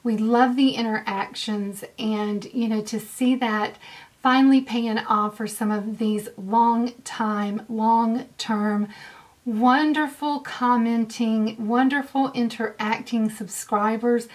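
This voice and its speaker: A woman's voice: fairly high pitch, steady tone, slow pace. A woman in her fifties hosting a giveaway announcement vlog, gushing and effusive, repeating herself often. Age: 50s. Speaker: beauty vlogger.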